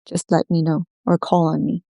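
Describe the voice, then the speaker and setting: A woman's voice: low voice, level tone, normal speed, vocal fry, warm tone, no echo. Young eagle from a folk tale, earnest, voiced by a woman storyteller, dry close sound. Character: young eagle, grateful last survivor.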